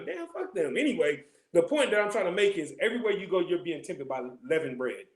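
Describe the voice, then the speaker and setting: Fast-talking joking man in echoey room. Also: sits high, big pitch swings. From California. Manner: loose, joking, streetwise slang, constant check-ins with listeners. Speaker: class teacher. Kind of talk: casual scripture class talk.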